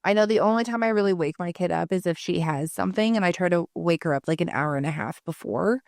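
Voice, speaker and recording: A woman's voice: on the low side, fast talker, vocal fry, darkish tone, dry recording, studio quality. Swearing, rambling woman podcast co-host. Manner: swears often, rambling storytelling. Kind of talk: casual chat.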